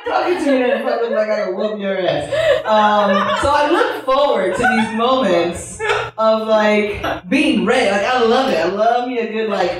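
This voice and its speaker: With a crowd audible behind her, a Chicago woman on stage tells a personal story bluntly, candidly and with profanity, breaking into laughing asides. Her slightly high, expressive voice moves at normal speed, sounding distant from the mic in a very echoey room.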